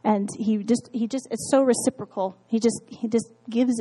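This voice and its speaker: A woman's voice: on the high side, fairly even intonation, moderate pace, mellow, rough recording. A married woman casually telling her faith story, candid, with frequent fillers and laughs. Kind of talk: casual testimony talk.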